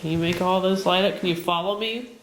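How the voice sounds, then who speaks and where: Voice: mid-range voice, fairly even intonation, fast, fairly bright tone. Coaxing ghost hunter in echoey halls. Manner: coaxing, explains gadgets to unseen spirits. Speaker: paranormal investigator. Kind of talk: ghost-hunt session calling out to spirits. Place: large old seminary building, indoors. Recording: roomy echo, faint background hiss.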